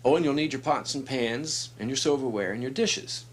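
A man's voice: mid-range voice, moderate pace. A man gives a casual, friendly introduction to a children's book. He explains things plainly in a mid-range voice. His talk stays conversational, not a performance.

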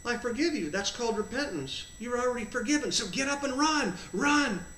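A bright, high-pitched Jesus, as a man tells him, gentle yet firm, calling out short encouragements over and over. It rings a little in a roomy space. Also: animated, a little fast, exaggerated voice. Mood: gentle, coaxing. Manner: encouraging, repeating short commands. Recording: roomy echo.

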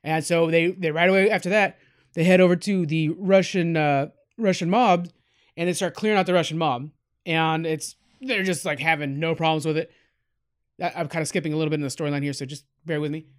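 High-voiced man rambling through a movie review. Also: steady tone, fairly quick. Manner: rambling, chatty, many fillers, addresses listeners as guys. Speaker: podcast host reviewing a film. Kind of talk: casual spoken film review.

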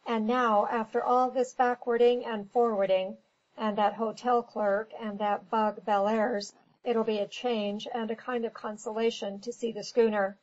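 A woman's voice: fairly high pitch, little pitch movement, measured pace, a little mellow, highs cut off, natural voice. A woman voicing a brash blustering businessman. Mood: brisk. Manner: snappish, blustering. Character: brash impatient American businessman, man.

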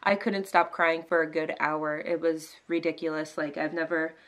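A woman's voice: low voice, little pitch movement, normal speed, a bit bright. A young woman talking casually to camera as a new mother, emotional and close to tears, with lots of "like" and "um" fillers. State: teary.

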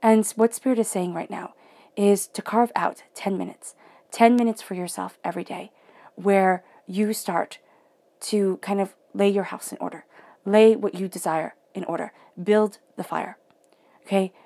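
Gravelly-voiced woman giving an emotional tarot reading. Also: mid-range voice, fairly even intonation, measured pace. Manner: soft, emotional, drops into near-whispers. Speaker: tarot reader. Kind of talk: guided spiritual reading.

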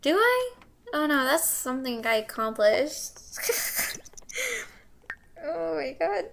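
A woman's voice: high voice, slow, gravelly. A young woman casually commenting on her gameplay, playful and giggly, humming and singing little tunes to herself.

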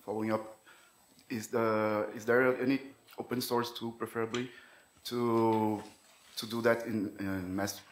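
A man's voice: lowish voice, flat delivery, a little slow. A man in the audience asking a question at a tech conference, hesitant and repeating words. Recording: roomy hall sound with faint noise.

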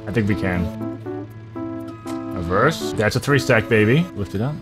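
A man giving casual, excitable gameplay commentary, swearing a lot and breaking into loud frustrated outbursts. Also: fairly low pitch, moderate pace, music in the background. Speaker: gaming video creator.

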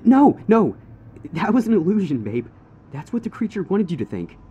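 A man's voice: high-pitched, sing-song, normal speed, dark tone, breathy edge, dull audio, voice pushed up, full character voice. A man voicing a fake pleading boyfriend. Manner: pleading, then threatening. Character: monster faking a pleading boyfriend stallion.

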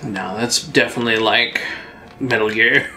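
A man's voice: medium pitch, normal speed. A young man commenting on a friend's gameplay, jokey and swearing freely. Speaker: co-host of a gameplay video. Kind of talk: casual let's play banter. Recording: roomy echo.

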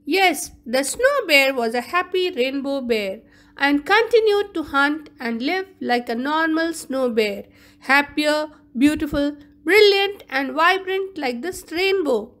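Slow, high-voiced woman teacher. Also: lively intonation, fairly bright tone. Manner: slow, explaining word meanings carefully. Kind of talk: online class lesson.

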